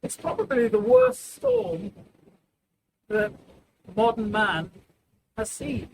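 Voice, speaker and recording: Pastor preaching, high swooping voice, slow and gravelly, noisy filtered recording. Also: male voice. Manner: animated preaching, acting out the voices of people in the story. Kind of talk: sermon. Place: church service, sound reduced. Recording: background noise, wind filtered out.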